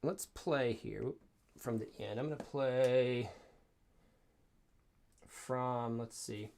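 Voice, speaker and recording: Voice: medium pitch, drawn-out words, gravelly, a little mellow, a little hiss or hum. A cello teacher giving an online lesson, coaching step by step and counting in each exercise aloud. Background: cello playing.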